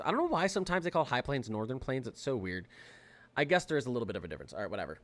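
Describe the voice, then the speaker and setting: Young male livestream host, mid pitch; excitable, rambling weather commentary full of fillers. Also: racing.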